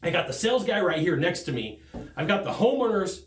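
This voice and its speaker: A man giving a sales training talk, telling stories from the field in an animated, emphatic way. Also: high voice, a little fast, reverberant.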